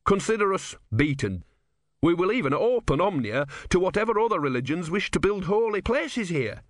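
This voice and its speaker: An earnest, gentle young man pleading with stern enemies. A male reader voices him a little above his own voice and keeps him soft-spoken. The recording is close and dry. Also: sits high, sing-song, normal speed, no echo, pitched above the performer's own voice.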